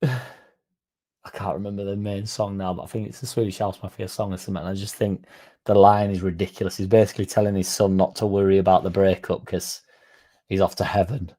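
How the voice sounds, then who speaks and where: A man's voice: low-pitched, flat delivery, a little fast, dark tone. A man hosting a casual livestream, rambling, swearing and chatting to viewers by name. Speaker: fan channel livestream host.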